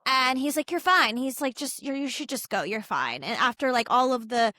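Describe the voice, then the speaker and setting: A young adult woman telling a personal story as a podcast guest, chatty and animated, full of "like" and "you know" and acted-out quotes of other people. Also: a little high, moderate pace, dry recording. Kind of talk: casual storytelling in an interview.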